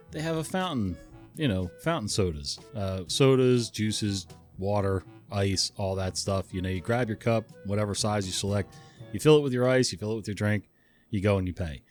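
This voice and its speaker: Male host, animated storytelling, chuckles, faint guitar under voice. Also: fairly low pitch. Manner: chuckling, conversational, digressive. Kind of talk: casual story narration.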